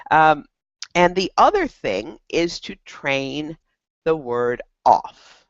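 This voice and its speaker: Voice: medium pitch, takes it slowly, dry recording, highs cut off. A dog trainer giving casual, practical advice, often restarting sentences mid-thought. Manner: animated, loose, with frequent restarts. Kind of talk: casual instructional talk.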